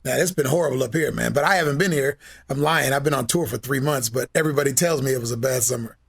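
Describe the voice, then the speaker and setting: A man's voice: medium pitch, fast, creaky, husky. A man from Seattle, a guest on a podcast, telling blunt and profane stories in casual chat. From Seattle, USA. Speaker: guest musician.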